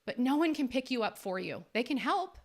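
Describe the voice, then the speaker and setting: A woman podcast host and life coach giving an earnest, faith-based motivational talk, with emphatic rises in pitch. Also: sing-song, a little fast.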